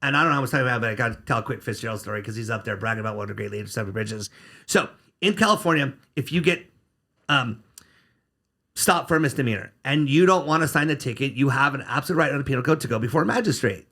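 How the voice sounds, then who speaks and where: Male guest lawyer, blunt and sarcastic, with a bright, cutting delivery. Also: medium pitch, racing. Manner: blunt, sarcastic, curses freely. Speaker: criminal defense attorney, podcast guest. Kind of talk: casual podcast interview.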